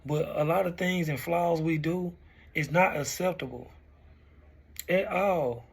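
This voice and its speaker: A young man in his twenties, hosting a weekly talk segment and reflecting in a relaxed, conversational way. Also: on the high side, a little slow, gravelly, slightly rough. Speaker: host. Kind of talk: casual talk-show commentary.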